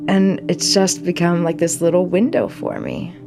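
Middle-aged woman, low gravelly voice, tells her own story with lots of feeling. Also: wildly swooping pitch, moderate pace, over music. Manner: emotional, vivid, quoting herself. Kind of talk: personal story told to an audience.

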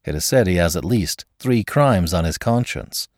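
A man's voice: deep voice, animated, normal speed, no echo, clean studio sound. A man voicing a sly, teasing young officer in a spoken story, light and insinuating.

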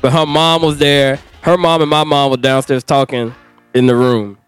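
A man's voice: mid-range voice, little pitch movement, moderate pace, clear, resonant tone, faint music behind. A man co-hosting a podcast, teasing his co-host in slangy, profane banter. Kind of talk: casual chat.

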